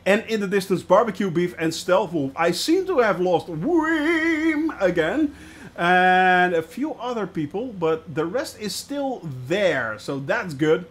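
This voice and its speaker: Man, live-stream commentary, relaxed and chatty, high pitch, unhurried. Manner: relaxed, chatty, many filler "uh"s. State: watery eyes, about to sneeze. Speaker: flight sim streamer.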